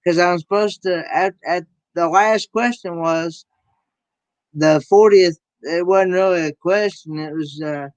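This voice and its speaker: Southern host, unhurried drawl, halting friendly chatter, dry mic. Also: male voice, high-pitched, darkish tone, clear, resonant tone, dry recording. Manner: halting, restarts often. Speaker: YouTube channel host. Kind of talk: casual chat.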